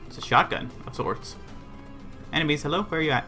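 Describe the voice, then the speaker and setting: A man streaming a game and narrating every move in an animated, rambling way. His voice sits on the high side and sounds bright, and it swings up and down constantly. Faint game music plays behind him. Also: a little fast. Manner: animated, rambling play-by-play talking to himself and chat. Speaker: livestreamer. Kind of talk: live gameplay commentary.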